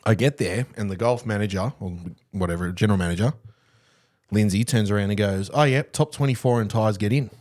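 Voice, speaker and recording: A man's voice: lowish voice, a little fast. Laid-back guy, swears casually. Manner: relaxed, swears casually, chuckles through his story. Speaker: podcast co-host. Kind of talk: casual chat.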